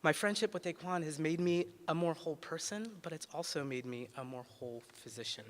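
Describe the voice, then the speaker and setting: Guy in his 40s giving a ceremony speech, kinda high bright voice, lots of uh's, hall echo. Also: brisk. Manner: conversational and humorous, frequent "uh" fillers. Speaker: city public health director and pediatrician giving a ceremony address. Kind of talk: ceremony speech with personal storytelling. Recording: echoey hall reverb.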